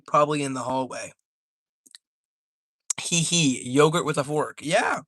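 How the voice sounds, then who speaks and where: A man's voice: on the high side, a little slow, a bit bright, no room sound, studio quality. A young man chatting casually on a live stream, rambling and joking as he reads the chat aloud.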